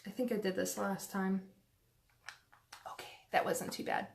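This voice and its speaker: A chatty woman talks her way through a makeup tutorial at home, full of fillers, little asides and self-deprecating jokes. Her voice sits in an ordinary middle pitch and comes through a phone camera. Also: steady tone, measured pace, vocal fry, a little hiss or hum. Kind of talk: casual live-stream makeup tutorial.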